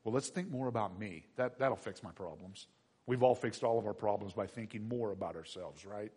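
A man's voice: fairly low pitch, brisk, mellow, husky. A male pastor preaching a sermon in a conversational way, with rhetorical questions and humor, in a church sanctuary. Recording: echoey hall reverb.

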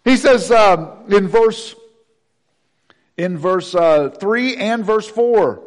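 High-voiced man preaching a sermon. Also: expressive, extremely slow, in a large hall. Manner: swings from loud to hushed, acts out voices. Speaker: pastor.

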